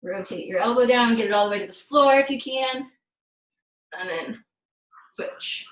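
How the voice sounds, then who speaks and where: A woman's voice: on the high side, moderate pace. A woman fitness instructor leading a live online workout class, giving step-by-step cues while she demonstrates the moves. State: out of breath. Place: room at home during video call. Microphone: video call. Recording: echoey room.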